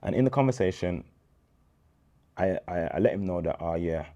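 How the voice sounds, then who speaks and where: A man in his thirties with a Birmingham accent speaks in a very low, deep voice. He tells stories in a relaxed interview style, full of slang, and acts out every quoted line. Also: normal speed. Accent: Birmingham English. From England. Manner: animated storyteller, slang-heavy, acts out quoted dialogue. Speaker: interview guest. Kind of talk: casual storytelling interview.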